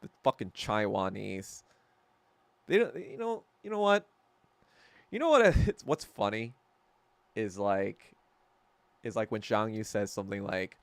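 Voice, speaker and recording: This male podcaster speaks at normal speed in a high, very animated voice, with no echo. He's on a loose, sweary monologue, venting hotly, wandering off track and often correcting himself.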